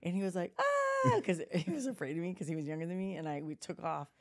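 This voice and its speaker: A woman in her forties, co-hosting a podcast, tells a childhood story in a casual, animated way, laughing often and acting out what people said. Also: lowish voice, very fast. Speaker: podcast co-host.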